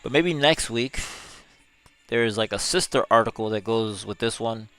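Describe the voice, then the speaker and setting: A man's voice: fairly low pitch, moderate pace, a bit bright, clean tone, soft background music. A man hosting a livestream, chatting casually with viewers, reading their comments aloud and chuckling often. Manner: easygoing, chuckles often, drawls words. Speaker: livestream host.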